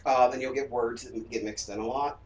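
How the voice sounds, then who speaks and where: A man's voice: medium pitch, steady tone, brisk. Southern man, talky streamer who jokes, echoey room, far from the mic. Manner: chatty, lecturing, jokey. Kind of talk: casual chat. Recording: roomy echo from a distance.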